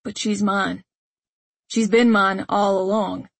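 A woman's voice: medium pitch, flat delivery, takes it slowly, gravelly, no echo. A woman doing a defiant possessive young man.

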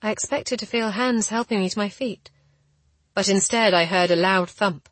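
Husky-voiced woman narrating an audiobook. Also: mid-range voice, normal speed, no echo. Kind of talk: scripted first-person narration.

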